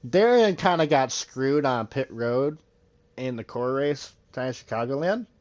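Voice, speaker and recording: A man in his twenties giving casual, chatty running commentary as he streams a racing game live. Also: mid-range voice. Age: 20s.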